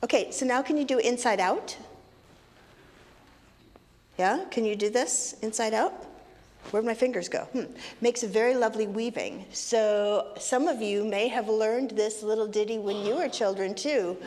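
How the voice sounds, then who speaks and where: A woman's voice: a little high, normal speed, a little mellow. A woman leading a playful children's message in a congregation, teasing and sing-song as she talks with the kids. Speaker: minister leading a children's story time. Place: sanctuary of a congregation. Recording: long hall reverb, faint ambient noise.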